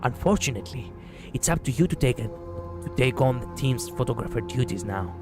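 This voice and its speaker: Over music, this Greek-accented man livestreams a game, his mid-range voice lively and fairly quick. He reads the text out playfully, laughing and tossing in quips between lines.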